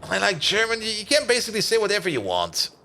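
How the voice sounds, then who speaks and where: A man's voice: sits high, huge pitch swings, quick pace, creaky, bright, forceful tone, a little hiss or hum. A man giving casual, rambling commentary as he streams a building game, thinking aloud and chatting with viewers, full of "like" and "uh". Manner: thinks aloud while building, answers chat.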